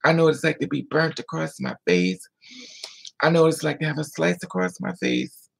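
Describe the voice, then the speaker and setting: Gravelly, husky storyteller telling a raw life story. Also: medium pitch, expressive, normal speed. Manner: blunt, raw and repetitive, swears freely. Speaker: storytelling vlogger. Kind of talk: emotional personal storytime.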